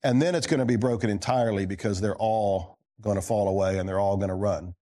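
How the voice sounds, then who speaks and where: A male pastor giving a sermon, swinging between emphatic lines and low quiet asides, putting questions to the congregation. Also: fast talker.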